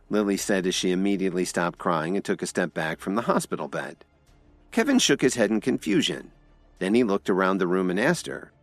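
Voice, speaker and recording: Lively low-voiced male audio drama narrator. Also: normal speed, no room sound, soft background music. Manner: voices all characters himself.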